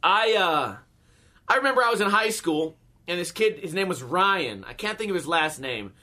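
At a moderate pace and in a high voice, a man in his thirties tells casual, profane stories for his podcast audience. He's lively and mimics the people he quotes as he goes.

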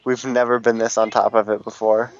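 A man's voice: lowish voice, level tone, brisk. A man co-hosting a casual chat show, rambling and joking, with a stuffed-up nose and a tired voice. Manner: rambling, joking, swearing often. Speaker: podcast co-host. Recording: dull lo-fi sound.

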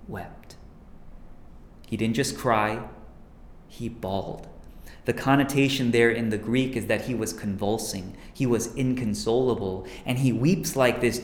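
A man preaching a sermon as pastor, earnest, dropping to a hush on key lines. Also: fairly low pitch, echoey room, a little hiss or hum.

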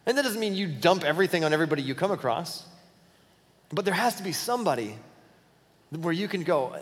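Conversational pastor preaching in a reverberant hall. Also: male voice, fairly high pitch, lively intonation, brisk, pauses often. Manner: conversational, candid storyteller with restarts. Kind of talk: sermon.

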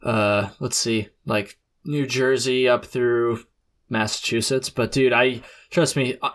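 A man's voice: medium pitch, fairly even intonation, slow pace, a bit bright. A young man from New England hosting a podcast, chatting in a laid-back way, saying dude and like a lot and laughing often. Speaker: podcast host. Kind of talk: casual chat.

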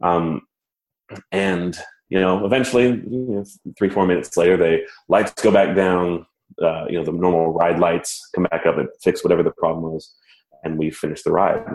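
Deep-voiced man telling a story. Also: moderate pace. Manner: animated, self-mocking, laughs while telling. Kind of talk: casual personal storytelling. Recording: roomy echo.

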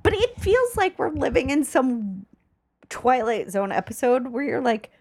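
A woman's voice: high voice, expressive, measured pace, a little mellow, slight background noise. A woman co-hosting a casual political chat, incredulous and sarcastic. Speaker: podcast co-host.

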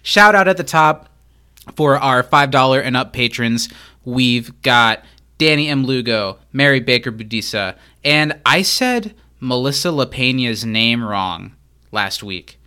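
Male podcast host, bright, chatty, pokes fun at himself. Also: mid-range voice, lively intonation, measured pace, clear, resonant tone. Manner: chatty, self-deprecating. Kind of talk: casual podcast banter.

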